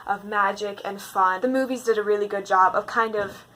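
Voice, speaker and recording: A young woman in a casual, rambling movie-ranking chat, gushing and animated with lots of fillers. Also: mid-range voice, normal speed, low-quality recording. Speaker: book video host.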